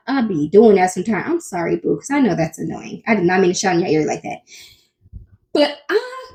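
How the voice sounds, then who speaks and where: Animated high-voiced woman commentator. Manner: chatty, talks straight to viewers. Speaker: commentary channel host. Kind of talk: casual commentary chat. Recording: echoey room with faint music.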